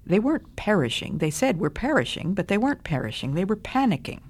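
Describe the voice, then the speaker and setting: A woman's voice: mid-range voice, very animated, a little fast, darkish tone, breathy edge. An older woman giving a radio devotional talk, earnest and conversational, asking listeners direct questions. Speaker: radio Bible teacher.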